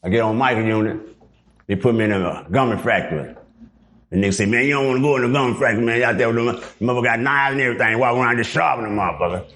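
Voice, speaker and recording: Animated middle-aged man telling prison stories. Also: medium pitch, very fast. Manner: animated, profane, acts out the voices in his stories. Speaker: guest. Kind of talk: casual storytelling interview.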